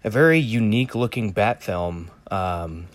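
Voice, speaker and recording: A man with a slightly low voice talks through a trailer in casual solo commentary. He rambles, restarts often and keeps the tone jokey. The recording is close and dry. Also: animated, a little slow, no echo. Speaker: vlogger reviewing a movie trailer.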